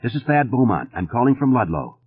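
A man's voice: medium pitch, big pitch swings, brisk, husky, dry recording, voice pushed up. A man doing a panicked, pleading writer. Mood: urgent. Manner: urgent, pleading. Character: panicked middle-aged male writer, urgent. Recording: narrow phone-like band.

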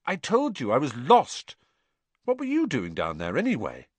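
A man's voice: medium pitch, huge pitch swings, normal speed, dry recording, pitched above the performer's own voice. A man voicing an earnest, slightly flustered young schoolboy wizard.

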